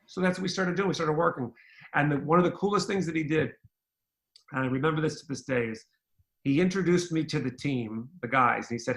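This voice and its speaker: A middle-aged man, raised between Ireland and America, sits for a relaxed interview and spins long anecdotes. His voice sits a little high for a man, and he keeps bringing the story to life by acting out what others said to him. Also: fairly quick. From Ireland, raised in the United States. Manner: animated storyteller who acts out quoted voices. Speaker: interview guest, former pro basketball player.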